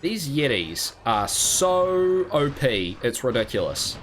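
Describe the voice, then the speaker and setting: A man streaming himself playing a game, rambling casually and chuckling as he reads chat. His pitch sits mid-range, with faint game music underneath. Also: big pitch swings, slow, a bit bright. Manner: rambling, chuckling, frequent ums. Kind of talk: casual live gameplay commentary.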